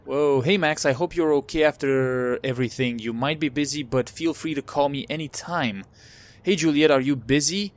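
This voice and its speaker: A man's voice: medium pitch, moderate pace. Male let's-play host, mid-range voice, loose and casual, reads game texts aloud with fillers and asides.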